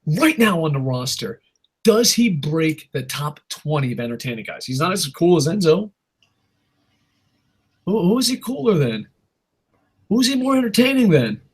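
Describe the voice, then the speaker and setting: A man's voice: on the high side, big pitch swings, moderate pace, pauses often, husky. A man hosting a casual podcast, ranting in a rambling, profane way and laughing at his own jokes. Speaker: podcast host. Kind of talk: casual wrestling podcast rant.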